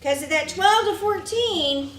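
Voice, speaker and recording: A woman's voice: very high voice, animated, measured pace, a bit bright. A woman co-teaching a parenting class in a church, adding points to the lecture. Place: church meeting room. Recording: echoey room from far off, faint hiss.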